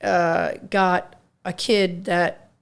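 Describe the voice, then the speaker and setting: A woman's voice: lowish voice, little pitch movement, very slow, smooth. A middle-aged woman, a nurse co-hosting a podcast, telling rambling anecdotes in casual chat and acting out quotes.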